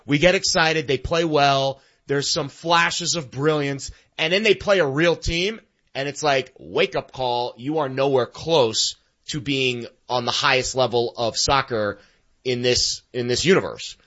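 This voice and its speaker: A man's voice: mid-range voice, fairly bright tone. Man co-hosting sports talk on a dull line. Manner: rambling, halting restarts. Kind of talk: casual sports radio talk.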